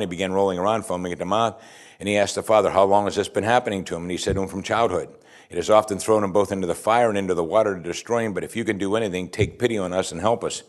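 Low-voiced man preaching a conversational sermon. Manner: conversational, asks the listeners rhetorical questions; reads scripture aloud and stops to comment. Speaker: pastor.

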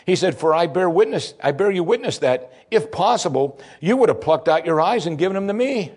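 A man preaching a sermon, lively and humorous, who drops his voice low and soft when quoting pleas. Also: husky. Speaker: pastor.

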